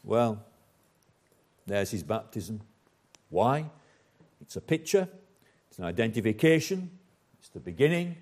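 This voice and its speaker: A man preaching a sermon as pastor, slow and emphatic, with dramatic pauses and repetition. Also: medium pitch, darkish tone, breathy edge.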